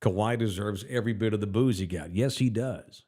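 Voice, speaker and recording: This male sports radio host from Texas has a lowish, dark voice and a brisk delivery. In loose, opinionated sports chat, he goes on a heated, profane, blunt rant while reading listener comments aloud.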